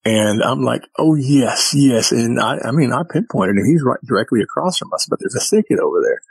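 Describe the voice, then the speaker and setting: The man talks quickly with vocal fry and a slightly rough medium-pitched voice, recorded without echo. Appearing as a podcast guest, he spins rambling, folksy tales of his own encounters and acts out quoted dialogue with lively character voices.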